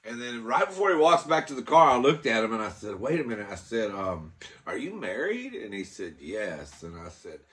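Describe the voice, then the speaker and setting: A man's voice: medium pitch, very animated, moderate pace, a bit bright. A man vlogging, telling a story in a flamboyant way, calling the listener "girl" and acting out the other people in it. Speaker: mukbang vlogger. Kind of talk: storytelling vlog. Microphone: phone camera.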